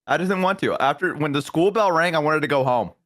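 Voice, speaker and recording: A man telling rambling stories in a casual chat, swearing and laughing loudly. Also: fairly high pitch, fast, dry recording. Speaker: guest on a stream.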